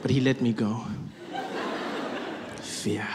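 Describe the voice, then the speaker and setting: A man performing stand-up, telling a story with animated, self-mocking energy and acting out scenes. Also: mid-range voice, slow. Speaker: stand-up comedian. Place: live comedy venue. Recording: reverberant live venue with audience noise.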